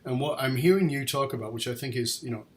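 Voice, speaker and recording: A middle-aged man from northern England hosting a podcast interview, telling stories in an earnest, animated way. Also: mid-range voice, fast. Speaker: podcast host. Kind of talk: interview chat.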